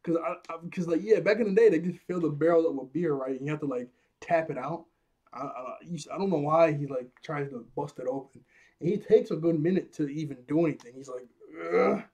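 Amused young man recapping anime, mellow. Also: on the high side, fast. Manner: laughs often, acts out scenes in character voices. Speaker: anime episode reviewer. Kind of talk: casual recap commentary.

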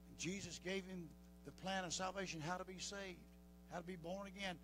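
A man with a Southern US accent preaching a sermon as pastor, folksy, rising to shouts. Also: sits high, fairly even intonation, fairly quick, background noise.

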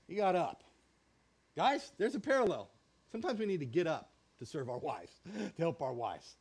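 A man's voice: high-pitched, darkish tone. A man preaching a sermon as pastor, folksy and joking, acting out little quotes as he teaches.

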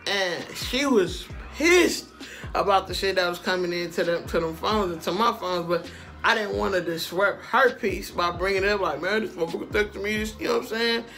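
A man's voice: sits high, moderate pace, pushed and bright, soft background music. A man telling a personal story in a casual vlog, slangy and profane, often turning to the listener to ask if they follow. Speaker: storytime vlogger.

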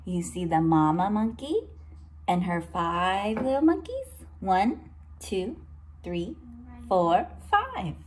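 A teacher reading a picture book aloud to young children, pausing to explain words and point at the pictures. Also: female voice, mid-range voice, sing-song, darkish tone, a little hiss or hum.

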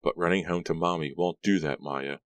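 A man with a deep voice, reading an audiobook, voicing a sarcastic, sharp-tongued teenage girl. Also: steady tone, brisk, no room sound, natural voice.

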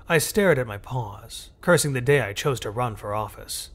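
Man narrating a tense story with lively pitch. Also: moderate pace, hardly any pauses. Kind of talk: scripted first-person narration.

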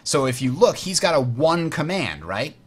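A man's voice: on the high side, sing-song, moderate pace, slightly rough. Chatty man explaining a wargame. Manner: explanatory, chatty, mutters while fiddling with software. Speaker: host teaching a board game. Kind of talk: casual tutorial over online play.

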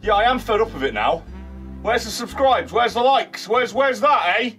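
A man chatting and joking loudly while moving heavy furniture, swearing and exclaiming often, a little out of breath. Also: high voice, animated, moderate pace, faint music behind. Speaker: vlogger. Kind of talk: casual chat while doing heavy lifting.

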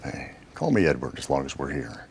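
An actor playing a kind sergeant major who speaks gently and encourages a struggling soldier. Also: male voice, extremely low pitch, sing-song, brisk, vocal fry, a little hiss or hum, heavily acted. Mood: encouraging. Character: supportive older male sergeant major living with PTSD.

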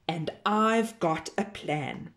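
A woman voicing an excitable, spoiled male pig in a children's storybook reading, with a chirpy, eager manner. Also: lowish voice, takes it slowly, pitched below the performer's own voice.

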